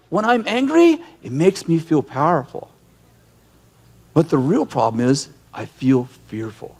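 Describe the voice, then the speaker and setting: A man teaches in a conversational sermon style, animated and emphatic. His voice sits a bit high for a man. He speaks bluntly and often breaks off to restart a thought. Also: measured pace, gravelly. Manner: animated storyteller who acts out yelling scenes; direct and emphatic, with frequent restarts. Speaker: ministry leader and teacher.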